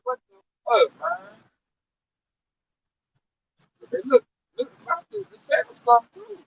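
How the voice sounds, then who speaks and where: A man preaching on a downtown street in an animated, slangy, exclamatory way. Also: very high voice, recorded from a distance, slight background noise, poor audio.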